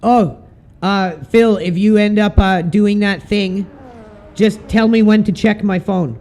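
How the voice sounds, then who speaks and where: A man's voice: high-pitched, fairly even intonation, slow, a little mellow. Laid-back man streaming sim racing. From Canada. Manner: laid-back, chatty, swears casually. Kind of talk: casual live-stream commentary.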